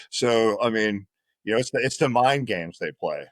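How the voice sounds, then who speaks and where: A man's voice: lowish voice, no echo. Profane, rambling man telling stories. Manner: profane, rambling, tag questions like "right?". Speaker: podcast guest, former Marine. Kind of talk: casual storytelling in conversation.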